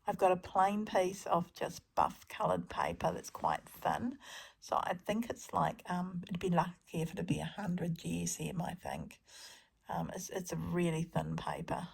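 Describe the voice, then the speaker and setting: A middle-aged woman talks through her crafting in a casual, self-deprecating ramble, stumbling over her words and filling pauses with ums. Her voice sits a little low and carries a gravelly fry. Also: huge pitch swings. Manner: chatty, self-deprecating, with many ums and restarts. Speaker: crafting vlogger.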